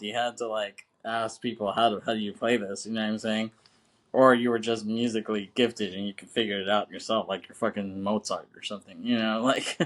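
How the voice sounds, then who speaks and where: A man co-hosting a podcast, retelling a film scene in a loose, profane, chatty way and chuckling as he goes. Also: lowish voice. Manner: loose and profane, full of "you know what I'm saying"; chuckles through his retelling. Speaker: podcast co-host. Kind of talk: casual film recap.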